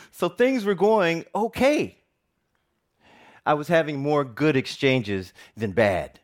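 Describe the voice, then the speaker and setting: Man, middle-aged, storytelling talk, lively swooping pitch, jokey delivery. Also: slow. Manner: animated, jokey storytelling with big pitch swings. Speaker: television reporter giving a talk.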